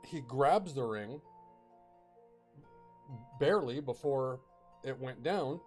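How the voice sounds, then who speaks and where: A man's voice: mid-range voice, animated, slow pace, soft background music. A man casually telling a ghost story, chatty, with fillers and bursts of dramatic emphasis.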